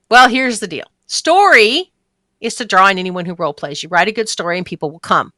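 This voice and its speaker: A woman's voice: mid-range voice, expressive, quick pace, pushed and bright, no room sound, clean studio sound. A middle-aged woman hosting a podcast in casual chat, talking bluntly and forwardly. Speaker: podcast host.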